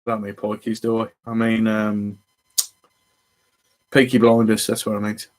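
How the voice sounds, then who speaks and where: A man's voice: on the low side, monotone, fairly quick. A man hosting a fishing channel, chatting casually on a live stream and greeting viewers as they arrive.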